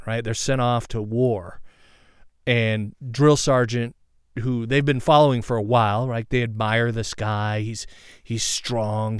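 A man's voice: mid-range voice, clear, resonant tone, no room sound, clean studio sound. A man hosting a show, talking reflectively about faith and checking in with "right?". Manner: thoughtful, with many restarts and "right?" tags. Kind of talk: reflective spiritual talk.

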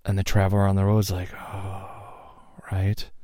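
A man narrating a guided visualization story in a casual way, checking in with "right?" and chuckling softly. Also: sits low, monotone, fast, dry recording, studio quality.

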